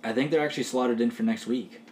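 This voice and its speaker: A man's voice: mid-range voice, fairly even intonation, a little mellow, a little hiss or hum. Chatty man in an echoey room. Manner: chatty, laughing, quick to act out little quoted voices. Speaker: podcast co-host and game master. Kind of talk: casual podcast chat.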